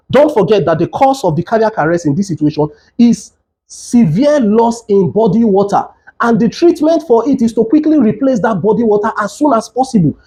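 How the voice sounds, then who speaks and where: Earnest man with bright pitch. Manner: earnest, urgent, emphatic, repeats key warnings. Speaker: doctor giving health education. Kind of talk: instructional talk with demonstration.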